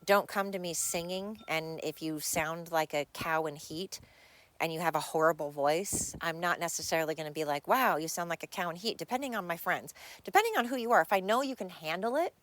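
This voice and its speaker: A woman's voice: fairly low pitch, fairly quick, a bit bright. A woman hosting her own podcast, talking bluntly and candidly in a rambling solo monologue. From United States. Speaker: podcast host.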